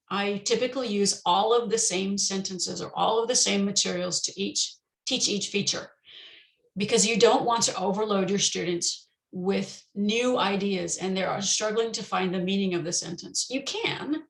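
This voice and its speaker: A woman teacher giving an online conference talk on teaching pronunciation, explaining in a relaxed way with many ums and restarts. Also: medium pitch, vocal fry, roomy sound, low-quality recording. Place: indoors, online session.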